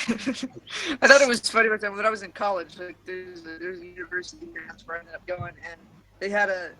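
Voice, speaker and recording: A man's voice: high voice, fairly quick, sharp tone, low-quality recording. A man telling a rambling story in casual chat over a video call, audio glitching robotically at times. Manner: rambling storyteller, many restarts and "like". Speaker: friend in a group video call. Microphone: computer mic on a video call.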